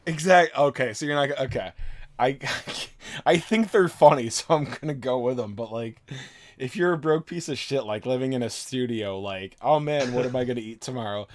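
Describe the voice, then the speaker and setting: A man's voice: mid-range voice, animated, normal speed. A man in his thirties, drunk, chatting casually on his stream in a rambling, crude, self-mocking way with frequent laughs. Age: 30s. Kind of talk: casual chat.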